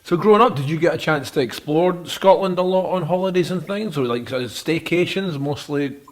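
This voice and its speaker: A man's voice: a little high, a little fast. A man hosting a casual chat, agreeing with short remarks. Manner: agreeable, brief replies. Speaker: host.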